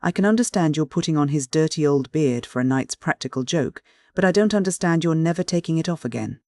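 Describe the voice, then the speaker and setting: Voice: mid-range voice, animated, a little fast, a little mellow, no room sound, natural voice. A reader voicing a clever young detective with a wry manner in an audiobook.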